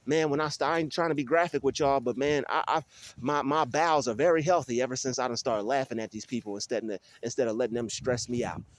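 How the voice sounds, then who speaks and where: A young man vlogging on his phone while walking outdoors in a field, talking in an animated, ranting way with many restarts. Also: mid-range voice, fast talker, a little hiss or hum. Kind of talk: casual vlog monologue. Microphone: phone held while walking.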